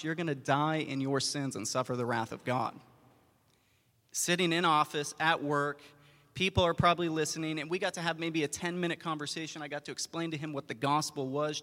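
A man's voice: a little high, sharp tone. A married man speaking earnestly, telling how he talks about his faith in daily life. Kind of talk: casual testimony. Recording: long hall reverb.

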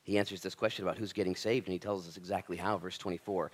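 Male preacher, casual and conversational, big dynamic swings between loud and quiet. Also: sits low, steady tone, fast, hardly any pauses. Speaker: pastor. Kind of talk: sermon.

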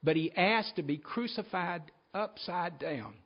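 A man's voice: high-pitched, lively intonation, measured pace, gravelly. Earnest preaching man, dull lo-fi sound. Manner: earnest preaching, addresses listeners as folks, reads scripture aloud. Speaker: pastor. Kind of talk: sermon. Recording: dull lo-fi recording.

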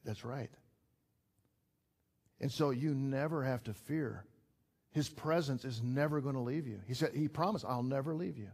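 A man's voice: mid-range voice, normal speed, creaky, long pauses, a little mellow, slightly rough. A middle-aged man preaching a sermon to a small church group in a conversational way, building to emphatic peaks. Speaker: pastor. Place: church gathering.

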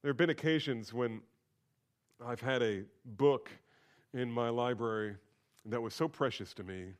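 A man preaching a sermon, repeating phrases for emphasis and swinging between loud, emphatic peaks and quiet, low asides. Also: unhurried. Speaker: pastor.

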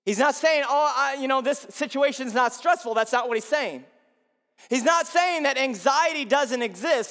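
A male pastor preaching a sermon, swinging between loud rises and low, quiet drops. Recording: long hall reverb.

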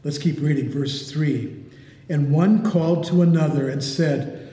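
A man preaching a sermon as pastor, emphatic and deliberate, at times dropping to a hush on key words. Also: on the high side. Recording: echoey hall with long reverb.

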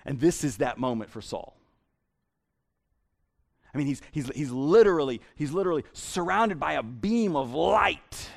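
A male pastor preaching with a fairly high, gravelly voice. He is animated and repeats words as he builds each point. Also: unhurried, long pauses. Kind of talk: sermon.

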